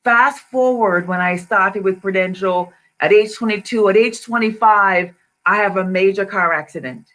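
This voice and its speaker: A woman's voice: mid-range voice, moderate pace, fairly bright tone. Jamaican woman giving emphatic testimony. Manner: emphatic, repeats key phrases. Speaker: guest financial advisor. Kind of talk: personal testimony on a video call. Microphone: video call.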